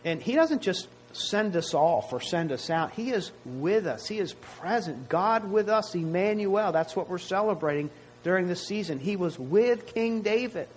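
A man's voice: high voice, animated, moderate pace, slight background noise, rough recording. A man preaching a sermon to his congregation in a conversational way, often asking rhetorical questions. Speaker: pastor.

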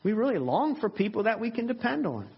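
A man's voice: sits high, big pitch swings, a little fast, vocal fry, slightly rough, muffled recording. A male pastor preaching a sermon in an earnest, emphatic way, with many rhetorical questions.

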